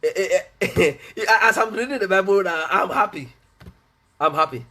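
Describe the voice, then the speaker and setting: A man's voice: high voice, normal speed, pushed and bright. A Nigerian man preaching as a pastor, fervent, repeating his phrases and laughing between lines. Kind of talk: preaching a sermon.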